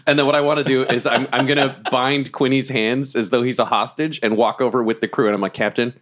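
A man's voice: mid-range voice, steady tone, fast, fairly bright tone. A man playing a tabletop game, rambling and playful. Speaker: player.

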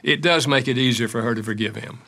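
A man's voice: mid-range voice, fast, gravelly, bright, forceful tone. An older man, an author and counselor, answering interview questions with anecdotes and acted-out quotes. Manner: acts out quoted dialogue in stories.

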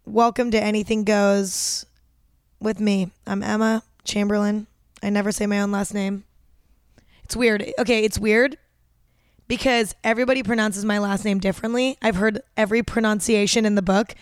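A young woman hosts a solo podcast in a loose, rambling chat, peppered with fillers and casual swearing. Her voice is smooth and clear, at a middle pitch for a woman. She sits close to the mic in a dry, dead room and sounds a little groggy. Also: level tone, normal speed, dry recording. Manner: rambling, self-deprecating, frequent swearing and filler "like". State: groggy from waking early. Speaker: podcast host.

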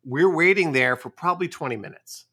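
A man co-hosting a podcast, telling a story in halting, repeated starts with wry deadpan humor. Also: on the high side, slightly rough. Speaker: podcast co-host. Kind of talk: casual chat.

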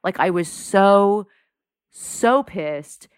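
A woman guest on a podcast, chatting casually and telling a story with lots of "like" and quick asides. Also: mid-range voice, clean tone, no room sound, clean studio sound. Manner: animated storyteller, heavy use of "like". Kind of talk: casual chat.

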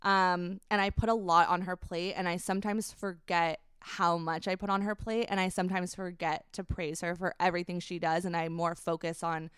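A woman's voice: fairly low pitch, flat delivery, normal speed, hardly any pauses, a bit bright, clean tone, dry recording, clean studio sound. A woman in her twenties, a guest on a podcast, telling a personal story in a hesitant, emotional way, full of likes and ums. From United States. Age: 20s. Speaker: guest, brand founder.

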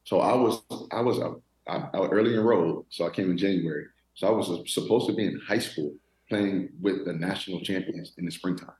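A man in his thirties, a former football player from Florida, telling stories in a relaxed interview with many restarts. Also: sits low, fairly quick, few pauses, reverberant, low-quality recording. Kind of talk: casual interview talk.

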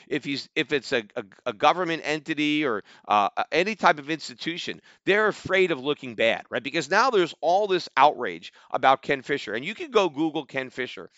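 A man's voice: fairly high pitch, no echo, muffled recording. Fired-up man ranting on a podcast. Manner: animated, mocking, rising to near-shouts when quoting critics. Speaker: podcast host. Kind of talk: opinionated commentary monologue.

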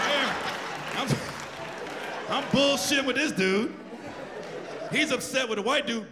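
A man doing stand-up, telling a profane, animated story to a live audience. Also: very high-pitched, measured pace, long pauses, a crowd in the background. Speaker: stand-up comedian. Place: large live venue. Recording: echoey hall with audience noise.

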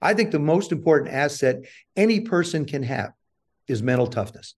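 Animated older man telling a story. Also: on the high side, normal speed. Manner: animated, self-deprecating storyteller who acts out quotes. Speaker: guest. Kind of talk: storytelling interview.

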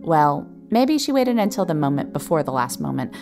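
A woman's voice: sits low, very animated, moderate pace, a little mellow. A woman hosting a podcast, giving scripted narration with a wry storytelling delivery. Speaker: podcast host. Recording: narration over background music.

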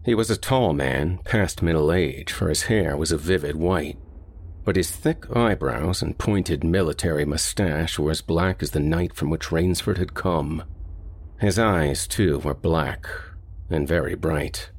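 Man, audiobook narrator, very deep voice, husky, steady deliberate reading. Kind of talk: audiobook reading of a short story.

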